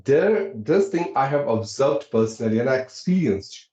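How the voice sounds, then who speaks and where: Indian man in an echoey lo-fi room. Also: normal speed. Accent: Indian English. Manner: earnest, lively pitch swings, many fillers. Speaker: host. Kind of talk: casual discussion. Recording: echoey, dull lo-fi room sound.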